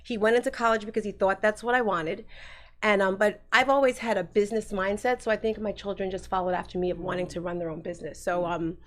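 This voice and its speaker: A woman's voice: medium pitch, steady tone, quick pace. Middle-aged woman guest, candid rambling storyteller. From New Jersey. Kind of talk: casual storytelling.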